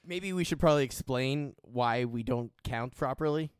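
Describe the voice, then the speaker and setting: A man's voice: medium pitch, normal speed, smooth, dry recording. A man co-hosting a casual sports podcast, chiming in with dry, brief remarks. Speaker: co-host.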